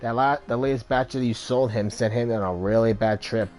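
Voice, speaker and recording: A man's voice: medium pitch, steady tone, fairly quick, darkish tone, soft background music, close to an everyday voice. A man voicing a blunt mercenary hero. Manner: blunt and pushy.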